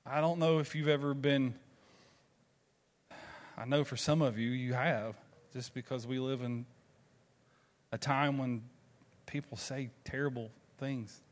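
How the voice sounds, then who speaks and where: Preaching with a Southern American accent, this pastor speaks unhurriedly in a medium-pitched voice, with fairly even intonation and many pauses. He's from the Southern United States and tells stories conversationally while posing rhetorical questions to his congregation.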